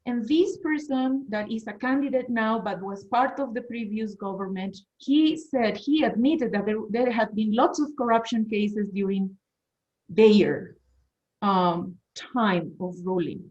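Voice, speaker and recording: A middle-aged woman from Bolivia with a Bolivian Spanish accent, a teacher trainer telling personal stories in a lively way and acting out quotes. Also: mid-range voice, a little slow, highs cut off. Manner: animated, storytelling with acted quotes and repetitions. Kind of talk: storytelling talk at an online meeting.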